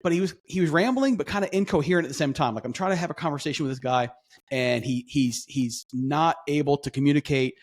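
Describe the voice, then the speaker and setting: A middle-aged man tells a story on a podcast in a casual, animated way. His voice sits a little high, and he stumbles and restarts as he goes. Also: fast. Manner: animated, acts out quoted voices, rambling restarts. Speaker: podcast co-host.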